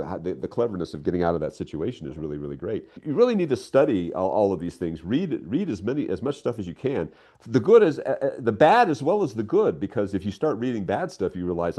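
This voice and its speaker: An older man, a writer being interviewed, talking casually and telling stories with lots of excitement. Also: lowish voice, fast talker. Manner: animated storyteller, voice leaps up when excited.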